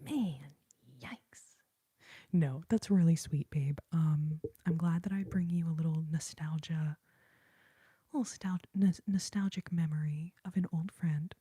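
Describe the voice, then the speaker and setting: A woman hosting an ASMR livestream in a whispered role-play, softly chatting with viewers, giggling and singing snippets of lullabies. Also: deep voice, steady tone, unhurried, husky, dry recording, studio quality. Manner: sings snippets of lullabies in a hushed voice.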